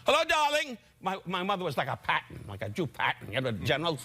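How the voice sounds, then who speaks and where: A man's voice: medium pitch, lively intonation, very fast, bright, forceful tone. An older man, a comedian guest on a talk show, telling rambling stories and teasing the host. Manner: brash, teasing, rambling with restarts. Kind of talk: talk show comic storytelling.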